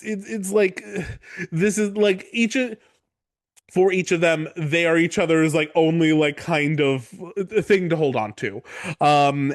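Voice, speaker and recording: Chatty man recapping with quick asides. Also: on the high side, dry recording, clean studio sound. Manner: rambling, profane, acts out characters in quick asides. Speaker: podcast host. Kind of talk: casual book-club recap.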